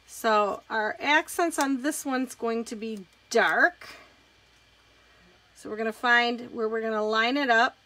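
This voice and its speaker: A woman with a bright, forceful and fairly high voice runs a live craft demo. She talks casually, explaining each step as she works, and keeps up a chatty running commentary. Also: takes it slowly. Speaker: craft demonstrator hosting a live stream.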